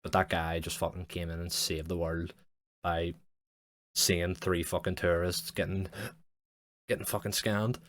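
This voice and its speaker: A man's voice: sits low, little pitch movement, measured pace, pauses often, fairly bright tone. A young man hosting a podcast, telling a rambling story in casual chat, swearing often and saying "like" constantly. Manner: rambling, sweary, heavy use of "like". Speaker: podcast host.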